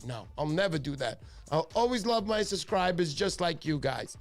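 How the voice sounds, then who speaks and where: Excitable middle-aged man, higher voice. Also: moderate pace, soft background music. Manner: excitable storyteller, acts out voices in his stories. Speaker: livestream host. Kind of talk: casual livestream chat.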